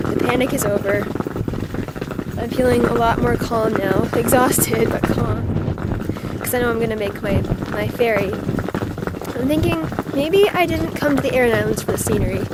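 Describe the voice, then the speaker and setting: Chatty young woman vlogging in loud wind. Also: on the high side. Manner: chatty, self-mocking, restarts when flustered. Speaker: travel vlogger. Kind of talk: casual travel vlog. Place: outdoors on an island, walking. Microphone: handheld camera mic. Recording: wind-buffeted handheld camera audio. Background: loud wind on the mic.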